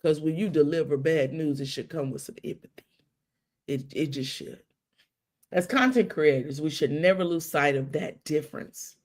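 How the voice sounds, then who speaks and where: A middle-aged woman hosting a live stream, telling stories with quoted dialogue and hushed asides. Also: low-pitched, moderate pace. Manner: animated storytelling with quoted dialogue and dramatic hushes. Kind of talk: casual live-stream talk.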